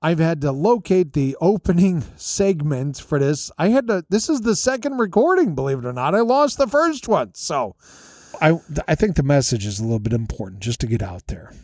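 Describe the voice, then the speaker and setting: A man's voice: fairly high pitch, big pitch swings, moderate pace, a little mellow, no room sound, clean studio sound. Chatty man telling stories from a hotel room. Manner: chatty, rambling, self-deprecating storyteller. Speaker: podcast host. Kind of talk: casual storytelling monologue. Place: hotel room with makeshift soundproofing. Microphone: podcast mic through an audio interface.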